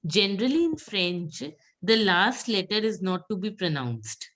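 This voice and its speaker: A woman's voice: medium pitch, very animated, a little slow, a bit bright. A woman teaching French pronunciation in a live class, patiently repeating words for students to echo and calling on them by name. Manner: calls on students by name and praises.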